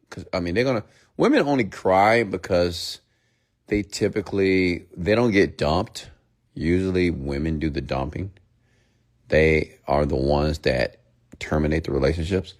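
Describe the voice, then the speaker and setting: A man giving a blunt, lecturing motivational monologue, sometimes dropping to a hushed near-whisper. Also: sits low, normal speed. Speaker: motivational speaker.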